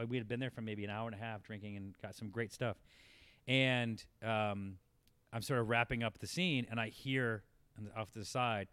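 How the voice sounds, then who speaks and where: A man's voice: lowish voice, clear, resonant tone, dry recording. A man, around forty, telling a long anecdote in casual talk, rambling and laughing as it builds. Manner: rambling, laughing, animated when telling the story. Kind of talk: casual storytelling.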